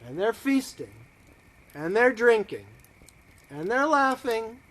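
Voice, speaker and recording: Expressive rabbi telling a story slowly. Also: male voice, very high voice. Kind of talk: storytelling for students.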